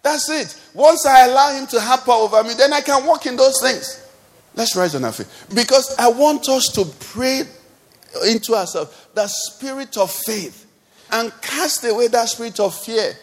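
A man's voice: extremely high pitch, lively intonation, normal speed. A man with a Nigerian accent preaching a sermon as pastor, building up with repeated refrains. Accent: Nigerian English. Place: church service.

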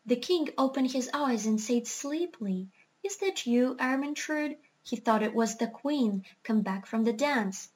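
A woman's voice: fairly high pitch, a little slow, hardly any pauses, husky. Woman reading a children's story. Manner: steady, expressive storytelling. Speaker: narrator. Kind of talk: reading a children's book aloud.

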